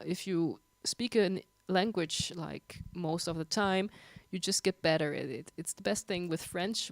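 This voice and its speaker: A woman's voice: fairly low pitch, no room sound. German woman chatting while sick. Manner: chatty, laughs often, many ums. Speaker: livestream host and guitarist. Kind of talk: casual chat reading viewer questions.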